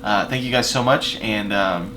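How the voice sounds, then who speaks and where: A man telling a personal story in a casual vlog, rambling with fillers and restarts and swinging between loud emphatic bursts and quiet asides. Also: lowish voice, normal speed, a little hiss or hum, rough recording.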